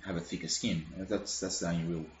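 A young Australian man in casual chat, animated and rambling, swearing freely. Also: sits low, brisk. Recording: roomy, dull lo-fi sound with faint noise.

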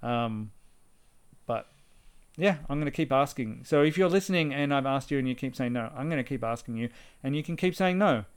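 A man's voice: medium pitch, animated, a little fast, smooth. A man hosting a podcast in casual chat, rambling with restarts. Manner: chatty, rambling, with restarts and laughter. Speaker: podcast host.

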